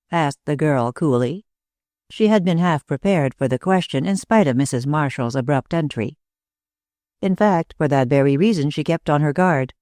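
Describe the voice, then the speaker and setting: Narrator, measured classic-novel reading, dry close sound. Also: mid-range voice, dark tone, no echo. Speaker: audiobook narrator. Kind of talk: scripted narration.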